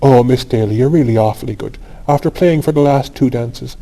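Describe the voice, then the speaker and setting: A man voicing an eager young woman who politely pairs up dance partners in a quick, coaxing way. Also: mid-range voice, dark tone, lightly acted, rough recording.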